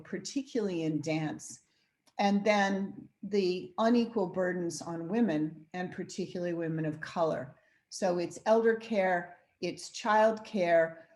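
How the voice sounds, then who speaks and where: A woman's voice: on the low side, a little mellow. Eager woman interview host. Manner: eager, emphatic agreement. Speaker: podcast host.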